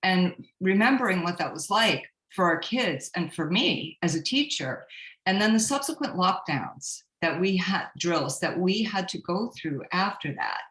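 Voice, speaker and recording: A woman council member speaks at a public meeting over a call. Her voice sits a little low and comes through an echoey room. She talks in an emotional, halting way and often restarts her sentences. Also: lively intonation, a bit bright.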